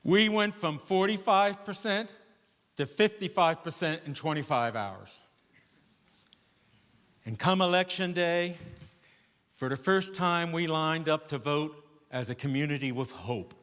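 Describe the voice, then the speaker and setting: A man's voice: a little high, a little slow, pauses often. Older man telling a story on stage. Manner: animated, swinging between loud emphasis and hushed asides. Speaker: solo stage performer. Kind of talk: theatrical storytelling monologue. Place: theater stage before a live audience. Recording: echoey theater with long reverb.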